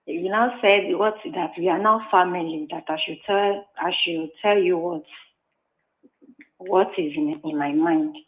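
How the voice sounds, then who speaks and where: Halting, polite woman caller, lowish voice, phone-line sound. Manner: hesitant, halting with many restarts, polite. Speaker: guest caller, small business owner.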